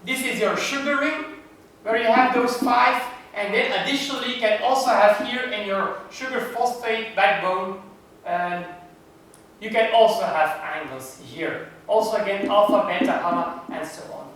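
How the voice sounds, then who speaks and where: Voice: mid-range voice, normal speed, a bit bright, heavy reverb, distant mic, low-quality recording. A lecturer giving a university lecture, explaining step by step and asking the class rhetorical questions.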